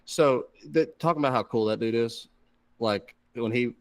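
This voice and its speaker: A man's voice: mid-range voice, moderate pace, dry recording. A man co-hosting a casual podcast, laid-back and swearing casually. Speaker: co-host.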